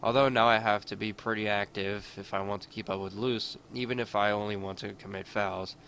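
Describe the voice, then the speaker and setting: A man's voice: fairly low pitch, fairly even intonation, brisk, vocal fry, a bit bright, slight background noise. A man reading a visual novel aloud in first person, adding his own asides. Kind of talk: reading game text aloud.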